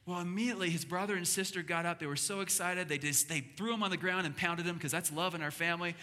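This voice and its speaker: Middle-aged pastor guy, fairly high voice, earnest storytelling sermon, stumbles and repeats himself. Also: fast talker, few pauses. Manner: storytelling, earnest, repeats words when excited. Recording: long hall reverb with faint music.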